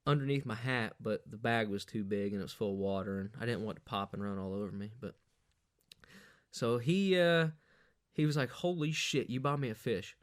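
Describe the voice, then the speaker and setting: A man hosting a podcast, telling a profane, rambling party story in a casual monologue, jumping up in pitch when he quotes people. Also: no room sound, clean studio sound. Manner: crude, profane, rambling anecdotes with animated quoted voices. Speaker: podcast host.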